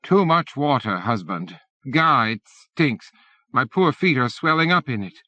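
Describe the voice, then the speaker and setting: A man's voice: medium pitch, animated, a little slow, pushed and bright, pitched above the performer's own voice. A man reading an audiobook, voicing a protective old grandmother who hisses urgently. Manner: hissing, urgent. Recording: dull lo-fi cassette.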